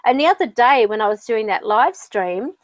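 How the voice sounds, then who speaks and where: Her fairly high voice has lively intonation and a normal speed, recorded dry. This host and spiritual medium chats casually, spinning stories and voicing the words of others as she goes.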